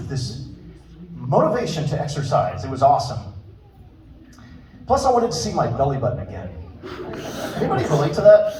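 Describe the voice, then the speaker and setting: A man's voice: fairly high pitch, wildly swooping pitch, normal speed, long pauses, noisy background. A man in his fifties doing self-deprecating stand-up storytelling on stage, acting out quoted voices. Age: 50s. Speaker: stand-up comedian opening a show. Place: stage in a hall with a live audience. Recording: echoey hall, mic heard from a distance. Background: audience laughter and room ambience.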